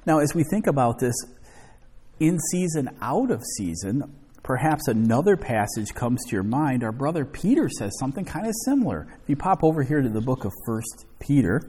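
A man's voice: mid-range voice, mellow, slightly rough. A man preaching an evening Bible study sermon, reading scripture aloud and then explaining it. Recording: long hall reverb.

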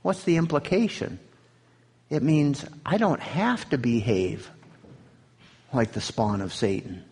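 A man teaching a sermon, reading scripture aloud with swelling emphasis and dropping low for asides. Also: slow pace, darkish tone, breathy edge. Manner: rises in pitch and volume on quoted scripture, drops low on asides. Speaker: pastor teaching a Bible study.

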